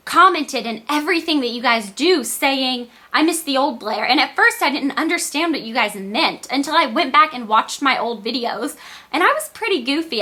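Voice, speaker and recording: A teenage girl from the Southern US with a Southern accent and a squeaky voice, chatting casually and rambling to camera. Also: sharp tone. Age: teens. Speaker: beauty vlogger.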